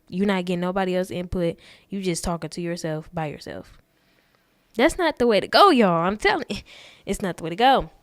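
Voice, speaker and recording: Earnest young woman podcast host, smooth voice. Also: medium pitch, no echo, clean studio sound. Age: young adult. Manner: chatty and earnest, addresses listeners as y'all. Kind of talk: casual talk.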